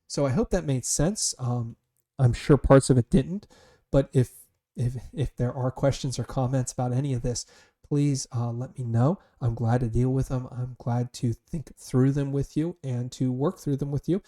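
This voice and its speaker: A man's voice: medium pitch, moderate pace, warm tone. A man teaching a Bible study, speaking earnestly and thoughtfully, sometimes restarting his phrases. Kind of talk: reflective Bible study talk.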